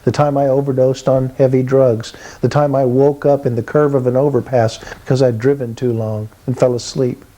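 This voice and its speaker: A man's voice: medium pitch, level tone, normal speed, hardly any pauses, warm tone, poor audio. A man in his sixties from Texas giving an earnest, vivid spoken testimony about his life. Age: 60s. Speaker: testimony speaker.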